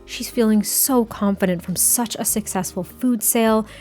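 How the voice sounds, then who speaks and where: A woman's voice: medium pitch, mellow, faint music behind. Giddy chatty woman narrating gameplay. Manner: chatty and giddy, quick to laugh. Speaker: gameplay YouTuber. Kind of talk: casual gameplay commentary.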